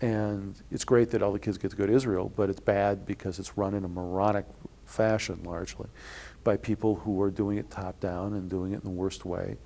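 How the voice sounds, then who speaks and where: Low, gravelly, and flat, his delivery is brisk with few pauses. The man, a blogger in an interview, tells long rambling stories about his experiences, restarting often, with an indignant edge and loud renditions of quoted people.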